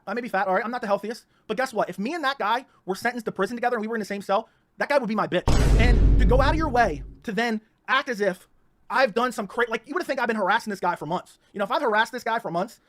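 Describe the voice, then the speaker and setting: An extremely high-pitched, fairly bright voice races through a ranting monologue. The speaker, a man with a Baltimore accent who hosts his own YouTube channel, mocks heatedly and repeats himself as he goes.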